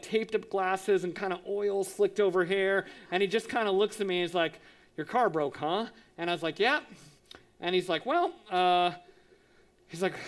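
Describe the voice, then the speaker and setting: A man in his thirties, a pastor, telling a lively personal story in a sermon, acting out voices and sound effects. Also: high-pitched, smooth. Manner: animated, acts out quotes with sound effects.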